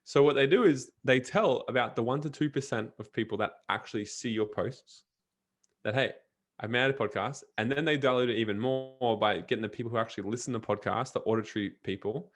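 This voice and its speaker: A man's voice: mid-range voice, fairly quick. A man, a guest on an interview, talking energetically and emphatically with frequent restarts. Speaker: podcast coach and guest. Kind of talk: casual interview talk.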